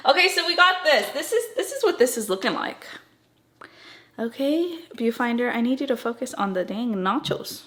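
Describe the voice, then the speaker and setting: A woman's voice: fairly high pitch, sing-song, normal speed. A young woman vlogging casually while she cooks at home, chatty and rambling, with self-deprecating asides. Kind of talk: casual cooking vlog. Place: home kitchen. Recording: echoey kitchen with loud frying sizzle. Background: food sizzling and stirring.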